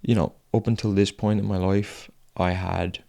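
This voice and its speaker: A young man speaks in a low, deeply gravelly voice with a warm, dark tone. He tells his story frankly and rawly, with plenty of swearing. He breaks it up with long pauses and sighs. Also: fairly even intonation. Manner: raw, frank and heavy with swearing. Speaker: fitness vlogger. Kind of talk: confessional personal storytelling.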